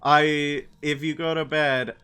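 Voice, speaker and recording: His voice is fairly high and bright, pushed yet clear and resonant, with little pitch movement and a slow pace. The young man is casually chatting on a gaming livestream, wandering through topics and replying aloud to his chat.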